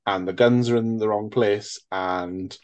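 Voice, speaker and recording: Man, low voice, rambling, casual swearing, film chat. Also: steady tone, a little slow, a little mellow. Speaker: podcast co-host.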